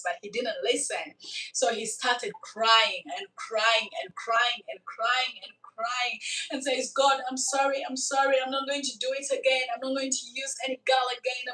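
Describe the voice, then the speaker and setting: A woman tells a dramatic story in a casual, lively way, breaking off for asides to her listener. Her voice sits a bit high and carries the echo of a bare room. She is some distance from the mic. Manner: animated, dramatic retelling with asides. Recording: echoey room, from far off.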